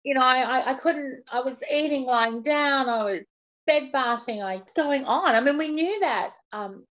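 A woman's voice: high-pitched, a little slow, a bit bright. A woman guest on a podcast, speaking openly and earnestly about her own hardships in a candid interview. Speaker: podcast guest, patient advocate. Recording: dull lo-fi audio.

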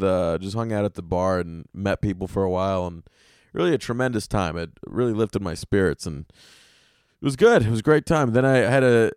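A man's voice: on the low side, smooth, no echo, studio quality. Profane ranting male podcast host. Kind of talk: comedic podcast rant.

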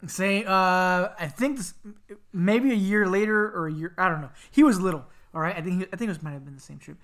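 A man from Miami telling a family story in casual chat, animated and laughing, slipping into squeaky voices to act people out. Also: brisk.

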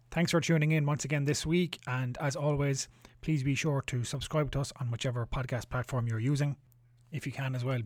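A man's voice: mid-range voice, a little mellow, no room sound. Man hosting a rugby podcast. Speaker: podcast host. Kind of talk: scripted podcast intro.

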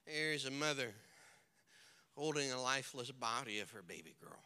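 A male pastor preaching a sermon, moving between quiet storytelling and loud, shouted declarations while acting out the people in the story. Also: mid-range voice, expressive, normal speed, clear, resonant tone, long reverb tail. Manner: swings from hushed storytelling to shouted preaching, acts out characters.

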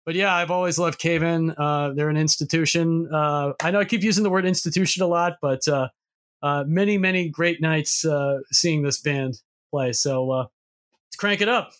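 Guy from boston, no accent, kinda high voice, rambly podcast host who swears. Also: moderate pace, a bit bright. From Boston, USA. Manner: rambling, profane, full of restarts. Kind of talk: casual chat.

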